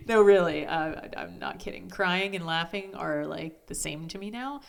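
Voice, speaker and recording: A woman hosting a personal podcast, talking candidly with frank, self-deprecating humor, casual swearing and soft asides. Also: lowish voice, lively intonation, unhurried, vocal fry, few pauses. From United States. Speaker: podcast host.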